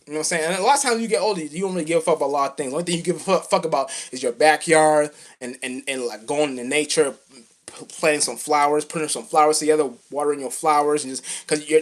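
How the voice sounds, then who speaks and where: A man's voice: a little high, fairly bright tone. A man, a rapper, rambling to camera about the spirit in profane, repetitive street slang, fervent and preachy. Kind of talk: casual spiritual rant to camera.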